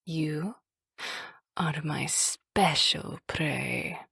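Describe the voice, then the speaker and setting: A woman voicing a cruel, seductive female enemy sniper with a Kurdish accent, speaking in a slow, breathy, half-whispered taunt in an audiobook. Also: low voice, bright, forceful tone, no room sound, studio quality, heavily acted. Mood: menacing taunt. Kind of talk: audiobook character voice.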